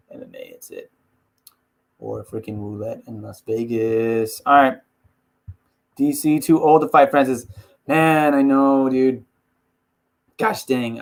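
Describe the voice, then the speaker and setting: A man hosting a fight-sports video, chatting casually in a rambling way, laughing often and dropping into quick impressions. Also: mid-range voice, gravelly. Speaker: MMA video host.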